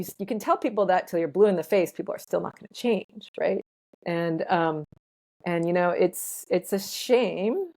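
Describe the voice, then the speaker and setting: A woman, an ethnobotanist appearing as a guest in a casual interview, thoughtfully explains her ideas and laughs lightly between points. Her voice is fairly low and mellow.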